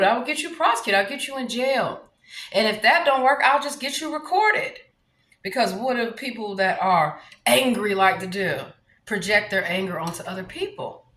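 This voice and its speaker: Southern woman from new orleans ranting, cussing and fired up, pitch all over the place. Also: a bit bright. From New Orleans, USA. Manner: brash, profane and combative. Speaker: vlogger. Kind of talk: ranting monologue to camera. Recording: roomy echo.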